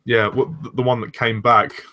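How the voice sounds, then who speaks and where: A young man chatting casually as a fan reviewer, relaxed and agreeable, steering the conversation. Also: mid-range voice, normal speed. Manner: relaxed, agreeable, leads the discussion. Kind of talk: casual chat.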